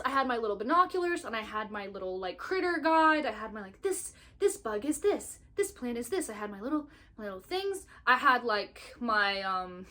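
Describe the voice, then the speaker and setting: A young woman rambling excitedly in a casual book review vlog, recorded on her phone. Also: a little high. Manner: excitable, gushing, talks in quick bursts with restarts. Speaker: book vlogger. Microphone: phone microphone.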